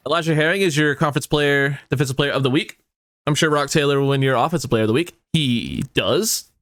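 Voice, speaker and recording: Guy yelling and cussing over his football game, kinda high voice, dry close mic. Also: fast, dry recording. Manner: excitable, swears a lot, swings from hype to outrage. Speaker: gaming YouTuber. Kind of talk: let's play commentary.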